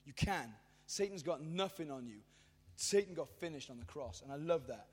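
A man preaching a sermon in casual slang, with self-mocking asides, building from easy storytelling to shouted fervor. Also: a little high, animated, normal speed, breathy edge. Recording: long hall reverb.

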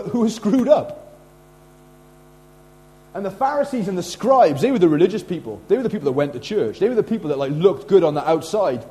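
A middle-aged man preaching a sermon in a casual, animated way, slipping into acted quotes. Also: high voice, low-quality recording. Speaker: pastor.

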